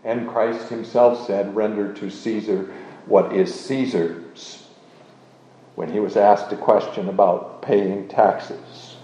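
A man teaches doctrine slowly and deliberately, with a lowish, mellow voice. The recording sounds dull and lo-fi. The room is echoey. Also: steady tone, a little hiss or hum. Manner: measured, deliberate, with frequent uh fillers. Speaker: teacher of a confession.

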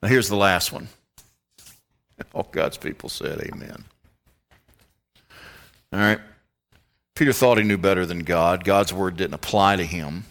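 A man's voice: deep voice, unhurried, long pauses, a bit bright. A man with a Southern American accent preaching a sermon as pastor in a church, folksy and conversational, often quizzing his congregation.

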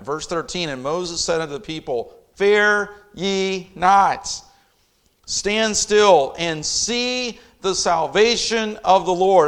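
A man preaching a sermon in a fairly high voice. He reads scripture aloud and swells into loud, impassioned emphasis on key lines. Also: gravelly. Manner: reads scripture in King James wording.

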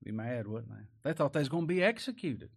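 A man's voice: medium pitch, big pitch swings, fast, creaky. A man preaching a sermon in a folksy, conversational way, often asking rhetorical questions.

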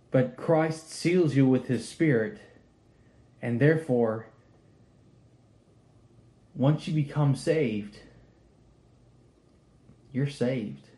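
Male preacher, earnest sermon delivery, dark mellow tone, reverberant room. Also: medium pitch. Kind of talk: sermon reading Bible verses.

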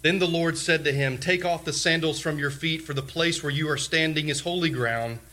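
A male pastor preaching a sermon, repeating key phrases emphatically and swinging between loud declarations and hushed lines. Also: fairly high pitch, moderate pace.

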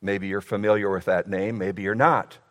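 A male pastor preaching a sermon emphatically, his delivery swinging from loud declarations to hushed lines. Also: on the low side, steady tone, normal speed, long reverb tail.

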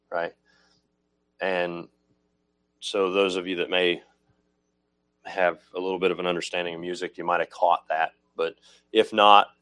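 Casting: lower-voiced male preacher, teaching sermon, patient and explanatory, self-correcting. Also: fairly bright tone. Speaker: pastor.

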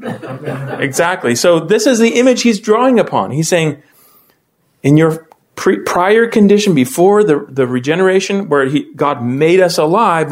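Chatty man teaching a Bible class. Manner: conversational, calls on people by name to read; lively, often rising in pitch when explaining.

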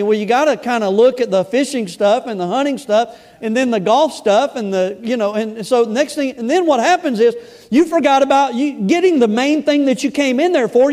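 Very high-pitched and a little mellow, this middle-aged man's voice fills a church sanctuary as he preaches. He reads verses aloud, then comments on them through humorous remarks and conversational tales, sometimes restarting mid-thought.

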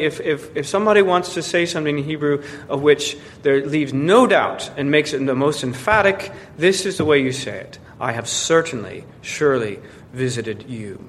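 Male preacher, emphatic sermon delivery, somewhat high voice, faint background rumble. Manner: emphatic, repeats words when restarting. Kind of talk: expository sermon. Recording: long hall reverb with faint rumble.

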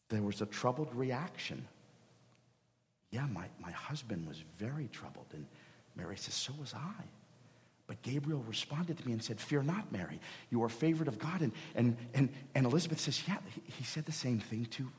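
Man preaching a sermon in a reverberant church. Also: fairly low pitch. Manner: acts out dialogue, emphatic and repetitive. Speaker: pastor. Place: church sanctuary. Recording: long reverb of a church hall.

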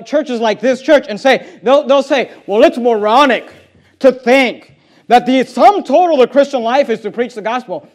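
A man's voice: very high-pitched, darkish tone. A man preaching a sermon as pastor, emphatic and confrontational, hammering home repeated phrases.

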